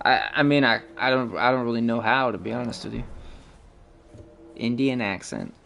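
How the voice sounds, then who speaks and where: A man's voice: medium pitch, moderate pace, gravelly, sharp tone, faint music behind. A man streaming a game live, cursing and trash-talking opponents and chatting casually with viewers. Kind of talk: live gaming stream commentary.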